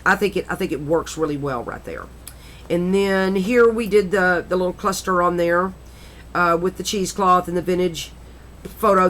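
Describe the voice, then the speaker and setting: A woman's voice: lowish voice, a little hiss or hum. A middle-aged woman chatting casually and rambling a little as she flips through a handmade craft journal, often correcting herself. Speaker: crafter showing her journal.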